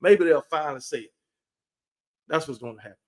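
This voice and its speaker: A man with a notably high-pitched voice hosts a casual live-stream chat about sports. He talks in a brash, teasing way, ribbing rival fans between stretches of reading out details. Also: a little fast. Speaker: host.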